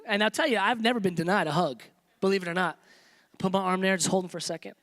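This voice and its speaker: A man pastor preaching a sermon, repeating phrases for emphasis and dropping to soft, hushed tones when he tells stories. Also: sits high, fast. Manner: preaching with rising emphatic repetition.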